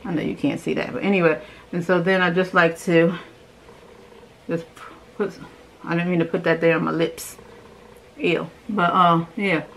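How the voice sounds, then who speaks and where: A young woman with a slightly lower voice chats her way through a morning skincare routine. She is easygoing and enthusiastic, talking as she works through each step at home. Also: fairly even intonation, moderate pace, vocal fry, pauses often, a bit bright, slight background noise, rough recording. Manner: chatty, enthusiastic, talks while doing the steps. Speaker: beauty vlogger. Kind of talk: casual skincare routine demo.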